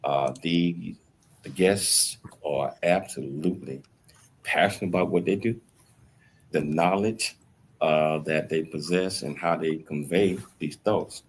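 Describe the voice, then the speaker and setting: A man hosting a radio talk show, talking enthusiastically and haltingly with many fillers. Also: deep voice, husky. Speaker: radio host and university chancellor. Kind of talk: casual radio chat.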